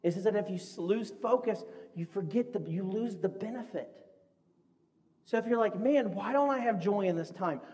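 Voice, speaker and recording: High-voiced preacher in a reverberant hall. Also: male voice, moderate pace. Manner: lively, conversational, acts out quoted voices. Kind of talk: sermon with audience games.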